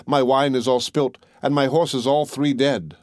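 A man's voice: mid-range voice, fairly even intonation, a little slow, no echo, clean studio sound, natural voice. A man playing a cruel, furious carter. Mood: despairing. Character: cruel, wrathful male carter.

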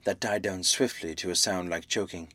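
A man reading a classic novel aloud, with measured, dramatic storytelling. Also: sits low, fairly even intonation, sharp tone, no echo. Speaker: audiobook narrator. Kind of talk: scripted narration of a classic novel.

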